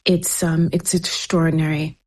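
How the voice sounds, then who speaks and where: Husky woman reflecting earnestly. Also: deep voice, level tone, normal speed, a little mellow, poor audio. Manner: reflective, earnest, with repeated restarts. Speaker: interview guest, writer. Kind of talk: interview answer.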